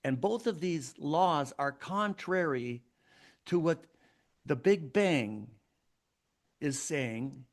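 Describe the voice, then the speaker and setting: A man's voice: on the high side, animated, takes it slowly, pauses often. A man hosting a solo podcast, arguing his points in an emphatic, preachy way. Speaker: podcast host.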